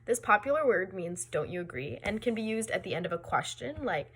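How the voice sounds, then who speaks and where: A woman's voice: a little high, sing-song, fast, few pauses. A young woman from Western Canada, narrating a scripted explainer in an upbeat, playful, lightly sarcastic way.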